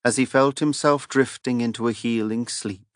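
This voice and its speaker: A man narrating a fantasy audiobook in an even, measured reading. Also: medium pitch, clear, resonant tone, no echo, studio quality.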